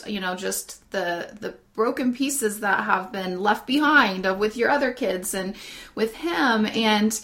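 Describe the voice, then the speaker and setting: A woman's voice: medium pitch, a bit bright. A woman hosting a faith talk show, affirming and encouraging as she interviews a guest. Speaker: host.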